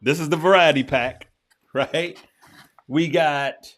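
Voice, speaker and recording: A man's voice: fairly high pitch, extremely slow, long pauses, fairly bright tone. A man hosting a livestream in casual chat, talking emphatically and repeating himself, with heartfelt, preacher-like encouragement. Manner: emphatic and repetitive, with frequent restarts. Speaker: host.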